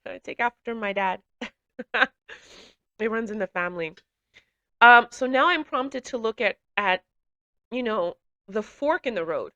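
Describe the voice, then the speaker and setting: A woman's voice: a little high, animated, unhurried, pauses often, pushed and bright, muffled recording. A woman giving an emotional personal testimony, speaking hesitantly with many fillers and restarts. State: emotional, runny nose. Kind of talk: personal testimony, reflective storytelling.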